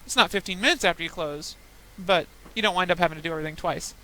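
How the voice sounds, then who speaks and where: A woman's voice: on the low side, quick pace, sharp tone, low-quality recording. A young woman in casual chat while playing a game, telling rambling stories with frequent laughs. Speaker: gaming podcaster.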